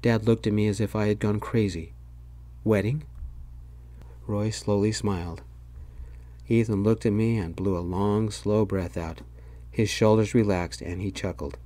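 A soft-spoken man narrating a story in whispered role-play, gentle and unhurried. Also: on the low side, fairly even intonation.

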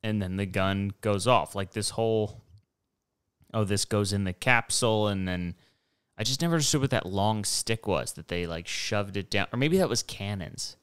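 A man's voice: on the low side, moderate pace, a bit bright, clear, resonant tone, no echo, studio quality. A young man rambling through a solo podcast monologue, digressive and profane, with mocking asides. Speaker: podcast host.

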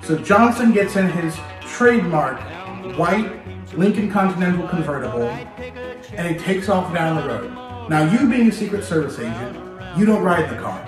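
A man hosting a history video, telling a story lively and speaking straight to the listener in a playful way. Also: high voice, normal speed. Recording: very echoey room, distant mic, music behind.

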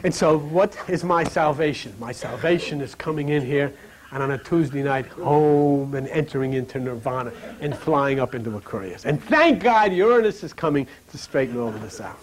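A man hosting a spiritual talk program, telling rambling anecdotes with laughter and sinking to a hushed, slow voice on his spiritual points. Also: a crowd in the background. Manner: animated storyteller, laughs through his stories; drops to a hushed, low, slow voice on spiritual lines.

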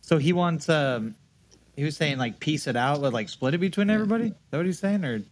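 A man's voice: fairly high pitch, lively intonation, fast. A man playing a tabletop game, speaking casually with fillers. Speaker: player.

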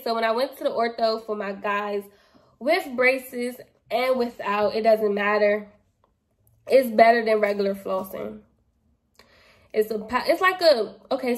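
A young adult woman vlogger casually reviewing products in a playful, chatty, slangy way, laughing at herself. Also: on the high side. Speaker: beauty vlogger.

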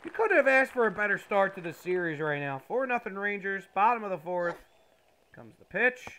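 A man giving mock play-by-play commentary over a baseball video game, with sudden loud bursts of excitement. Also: sits high, normal speed.

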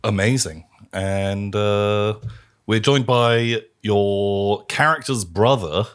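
A man's voice: on the low side, slow, clean tone. A man hosting a tabletop role-play as its keeper, with a theatrical, enthusiastic delivery. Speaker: game keeper and host. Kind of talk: scripted intro then hosting a tabletop game.

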